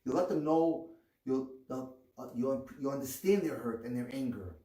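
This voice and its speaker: A male rabbi giving an earnest, measured teaching on marriage, with pointed emphasis on key words. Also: mid-range voice, dark tone. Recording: echoey room, distant mic.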